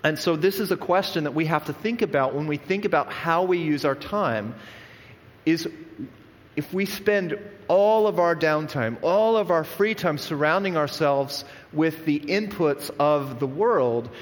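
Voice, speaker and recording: A man's voice: a little high, lively intonation, unhurried. A man preaching a sermon as pastor, in an earnest, conversational way with frequent restarts. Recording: long echo of a large hall.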